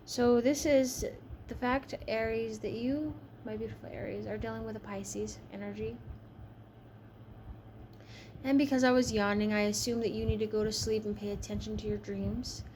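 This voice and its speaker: A woman's voice: fairly high pitch, fairly even intonation, moderate pace, a little mellow, a little hiss or hum. A woman giving a casual tarot reading, chatty and frank, tired from a long shift. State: tired, yawning. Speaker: tarot reader.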